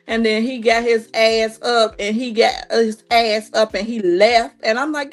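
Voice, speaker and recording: A woman in her thirties giving a casual, animated reality TV recap, acting out what the cast said in a higher voice. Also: measured pace, few pauses, faint music behind. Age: 30s.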